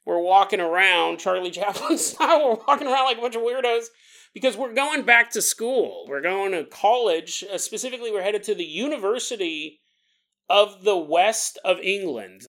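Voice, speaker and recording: A man's voice: high voice, lively intonation, normal speed, fairly bright tone. A man hosting a podcast, telling a story in a playful, rambling way and laughing often. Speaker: podcast host.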